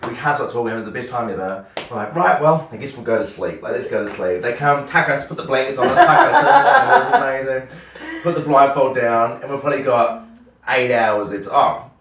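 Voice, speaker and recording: A young New Zealand man, a radio host, tells a story in casual chat and acts out every line of dialogue with plenty of swearing. His voice sits at an ordinary pitch and sounds roomy, picked up from a little way off the mic. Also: fast, distant mic.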